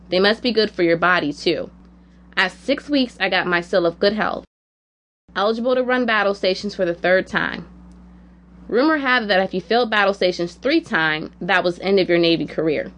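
A woman tells her own story in the first person, quiet and measured. Her voice sits at an ordinary pitch, and she lets reflective moments settle before moving on. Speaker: narrator.

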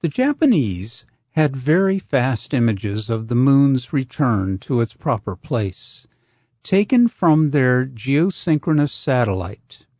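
A man narrating an audiobook in a measured, deliberate way. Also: medium pitch, sing-song, a little mellow, no echo, studio quality.

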